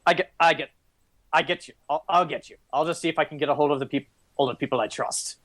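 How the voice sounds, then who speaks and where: Gruff mercenary leader played by a man, blunt, curt, stammers, slightly high male voice, tabletop role-play. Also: fast talker, a bit bright, lightly acted.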